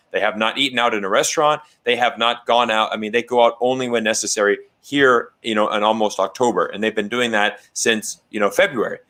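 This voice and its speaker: Man talking fast, restarting often. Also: medium pitch. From Canada. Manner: animated, with many fillers and restarts. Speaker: livestream guest. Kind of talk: casual panel discussion.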